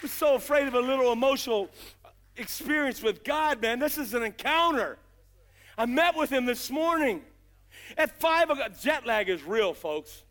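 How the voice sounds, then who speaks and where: Fiery preacher man, high bright voice. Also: expressive. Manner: impassioned, shouting bursts, drawn-out emphasis; folksy, uses "gotta" and "ain't". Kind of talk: fiery revival sermon.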